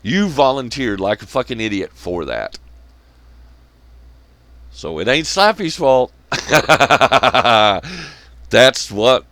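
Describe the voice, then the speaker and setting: A man's voice: medium pitch, wildly swooping pitch, slow pace, long pauses, a bit bright, no echo. Sarcastic, profane man ranting. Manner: mimics others in scornful quotes. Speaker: channel host. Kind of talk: ranting monologue.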